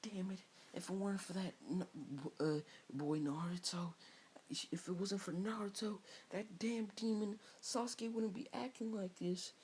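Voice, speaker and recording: A shrill young girl ninja with a high, strained voice that slips into hissed whispers, as a man puts her on. She sounds worked up and cutting. The lines come through a home mic with a faint hiss. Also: fairly even intonation, a little slow, darkish tone. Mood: bitter.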